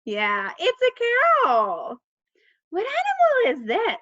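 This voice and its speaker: A high-pitched, bright woman's voice swooping up and down as she teaches small children. She talks slowly in an exaggerated, encouraging sing-song and praises often. The recording sounds dull and lo-fi. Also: wildly swooping pitch. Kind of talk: child-directed lesson.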